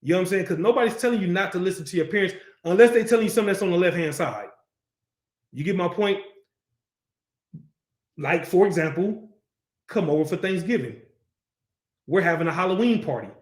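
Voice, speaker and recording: Leading a scripture class in an echoey room, this teacher speaks in a high voice, blunt and quick to curse. He is animated and brisk but pauses often, and keeps asking if everyone follows.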